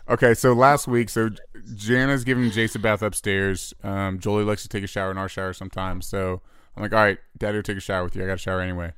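Low, clear-voiced man telling stories. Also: quick pace, dry recording, studio quality. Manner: animated storyteller, mimics voices. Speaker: podcast co-host. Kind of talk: casual chat.

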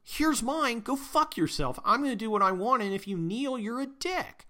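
A man's voice: extremely high pitch, animated, moderate pace, pushed and bright, pitched above the performer's own voice, heavily acted. A man voicing a blunt, defiant man who dismissively brushes off a critic with profanity.

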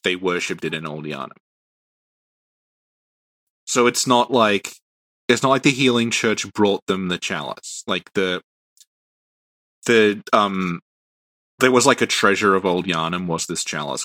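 A man's voice: low-pitched, sharp tone, no echo. A man hosting a casual podcast, explaining game lore at length with lots of fillers and restarts.

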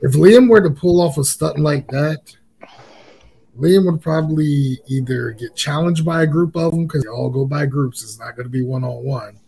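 A man's voice: on the high side, moderate pace, gravelly, warm tone, slightly rough. A man chatting casually as a guest on a talk show, easygoing. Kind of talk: casual chat.

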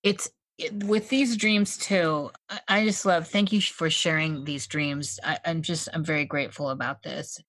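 Low-voiced woman host, dry close sound. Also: steady tone, moderate pace, few pauses, fairly bright tone, no echo. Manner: reflective, appreciative questions. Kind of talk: casual interview chat.

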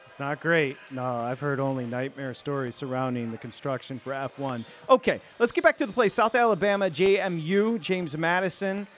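Casting: male radio host, slightly high voice, jokey, keeps things moving. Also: moderate pace, few pauses, fairly bright tone. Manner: joking, moves the show along. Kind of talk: casual radio chat.

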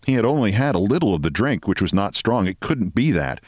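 Low-voiced man reading a story. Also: dry recording, clean studio sound. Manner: measured, expressive. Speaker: host.

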